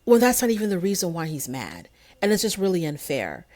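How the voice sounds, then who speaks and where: A woman hosting her own channel, recapping a reality show episode in casual, animated commentary with an indignant edge. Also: on the low side, fairly quick. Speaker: show reviewer, host.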